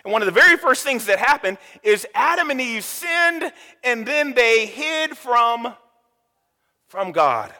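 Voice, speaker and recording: A man's voice: very high-pitched, sing-song, measured pace, bright, forceful tone, big-room sound. A pastor preaching a sermon with emphasis, putting rhetorical questions to the congregation and often stumbling and repeating his words.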